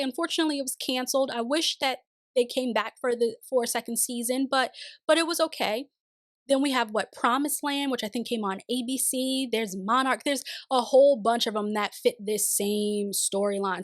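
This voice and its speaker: Woman doing a casual show review vlog, chatty and animated, kinda high voice, very dry close sound. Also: dry recording. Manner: chatty and expressive, talks straight to viewers, laughs often. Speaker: TV review vlogger. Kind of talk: casual spoken review to camera.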